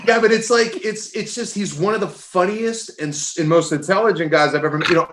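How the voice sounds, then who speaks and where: A man guest telling lively anecdotes in a casual chat over a video call, laughing as he goes. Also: high-pitched, fairly quick, few pauses, echoey room, a little hiss or hum, rough recording. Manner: animated anecdote-telling, laughs mid-sentence. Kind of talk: casual storytelling.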